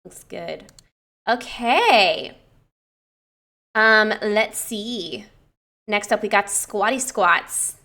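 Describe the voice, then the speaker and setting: A young woman coaching in a loose, chatty way, breaking down a client's form. Her voice is bright and forward, and she swears freely and gushes when something impresses her. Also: mid-range voice, extremely slow, pauses often. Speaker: personal trainer. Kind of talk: casual coaching review.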